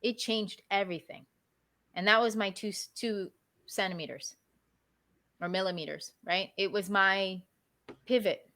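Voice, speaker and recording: A woman guest speaker and coach, talking casually in an interview, animated and often asking "right?". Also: medium pitch, unhurried, pauses often.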